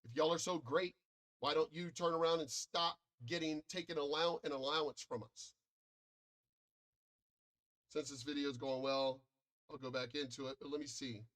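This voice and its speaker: A man's voice: fairly high pitch, fairly even intonation, moderate pace, long pauses, a bit bright. Profane ranting American man. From United States. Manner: profane, combative and boastful. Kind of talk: ranting monologue.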